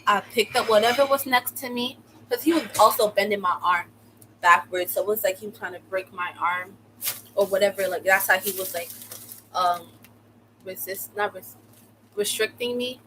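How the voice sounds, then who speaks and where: A young woman from the United States telling a personal story in a casual, slangy way, with sudden loud outbursts. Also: medium pitch, moderate pace, a little hiss or hum, poor audio. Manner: animated, slangy, swings into loud exclamations. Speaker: vlogger.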